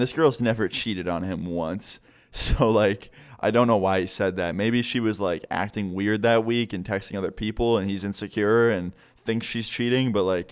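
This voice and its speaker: A man with a somewhat low voice tells a story-time vlog, casual and rambling. He swears freely and fills his telling with "like" and "you know". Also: clear, resonant tone. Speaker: vlogger.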